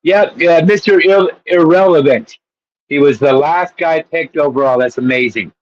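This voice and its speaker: A man's voice: fairly high pitch, normal speed, no echo, dull audio. A man co-hosting a casual sports chat show, rambling and laughing as he tells stories. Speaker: co-host.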